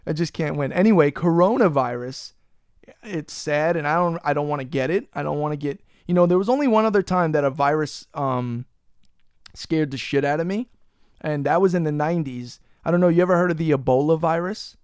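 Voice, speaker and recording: Podcast host, New man, higher voice, smooth and clear, foul-mouthed ranter. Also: brisk, darkish tone, no echo, studio quality. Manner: profane, ranting, teasing his co-host. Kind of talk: casual podcast banter.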